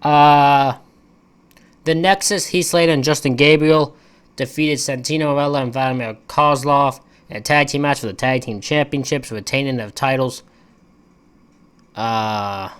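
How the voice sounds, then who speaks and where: A man's voice: mid-range voice, fairly even intonation, unhurried, clear, resonant tone. A man giving a casual, rambling wrestling-show recap, full of opinionated and exasperated asides. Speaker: wrestling reviewer.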